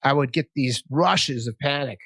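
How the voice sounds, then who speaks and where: A man's voice: mid-range voice, moderate pace, slightly rough, no echo. A man in his fifties hosting a podcast interview, talking casually and acting out quotes in a raised voice. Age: 50s. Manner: animated, acts out quotes in a raised voice. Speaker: podcast host.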